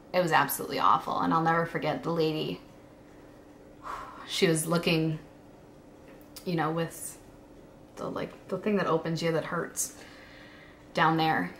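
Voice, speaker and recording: A young woman vlogger telling a personal story in a halting, emotional way, with many fillers. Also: low-pitched, creaky, fairly bright tone, slight background noise.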